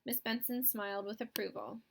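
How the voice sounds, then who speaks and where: A woman narrating a children's novel in a clear, expressive reading voice. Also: fairly high pitch, fairly quick. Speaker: audiobook reader. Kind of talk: scripted storybook narration.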